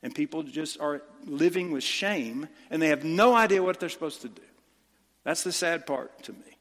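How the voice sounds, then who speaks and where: A man's voice: on the high side, animated, normal speed, a bit bright. Male pastor, sermon delivery, emphatic and impassioned, lightly raised voice, reverberant room. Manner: impassioned, emphatic, repeats phrases for stress.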